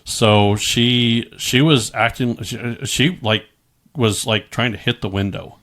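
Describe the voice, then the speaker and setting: A man's voice: mid-range voice, fairly even intonation, slow, a bit bright. A man recounting a personal story as a podcast guest in a casual way, often restarting his sentences. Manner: recounts events with frequent restarts and quoted exchanges.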